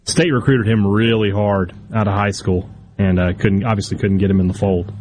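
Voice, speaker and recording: A man's voice: lowish voice, fairly even intonation, moderate pace, a little mellow, slight background noise. A man co-hosting a sports talk radio show, telling wry stories in casual banter.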